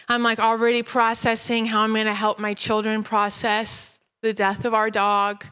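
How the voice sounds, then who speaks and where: A woman in her thirties preaching a sermon and telling a personal story in an animated way. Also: a little high, measured pace, clear, resonant tone. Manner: animated storytelling, breaks into laughter.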